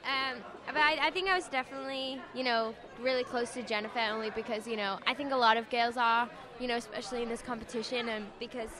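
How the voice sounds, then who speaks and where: A young Englishwoman, a guest from a singing contest, gives casual radio interview answers in a soft, shy, hesitant manner, trailing off with many fillers. Her voice is on the high side and steady, and she talks fast with hardly any pauses while a busy event crowd chatters behind her.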